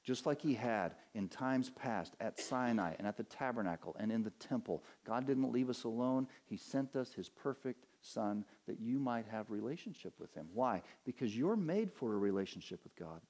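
A man preaching a sermon as pastor. He poses questions to his listeners and answers them, drawing out key words and climbing higher and stronger when he drives a point home. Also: expressive, a little mellow. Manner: earnest preaching, rising in pitch and force for emphasis, slows on key words.

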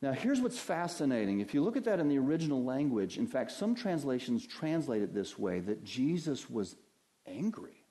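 A man preaching a sermon in an earnest, preacherly way, dropping to hushed lows and rising to loud impassioned highs. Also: very animated, normal speed. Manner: earnest, preacherly, addresses listeners as beloved.

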